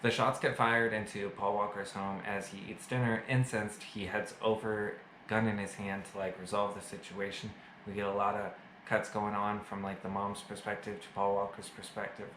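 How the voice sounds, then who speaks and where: A man's voice: lowish voice, level tone, normal speed, hardly any pauses, fairly bright tone, roomy sound, a little hiss or hum, poor audio. A man casually reviewing a movie to camera, chatty and full of fillers, with self-mocking jokes. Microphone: camera mic.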